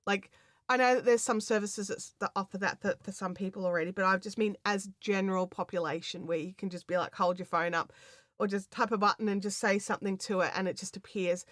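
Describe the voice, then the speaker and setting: A woman's voice: medium pitch, fairly even intonation, a little fast, fairly bright tone, no echo. Australian woman host, rambling livestream chatter, dry close sound. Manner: chatty, rambling, laughs often, many fillers. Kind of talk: casual livestream chat reading viewer comments.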